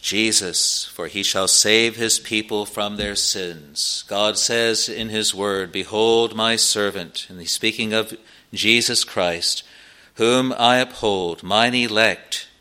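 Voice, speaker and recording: A man preaching a sermon slowly and earnestly, pausing often with "uh" as he explains scripture. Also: on the low side, steady tone, pushed and bright, smooth. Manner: slow, earnest preaching with frequent "uh" pauses.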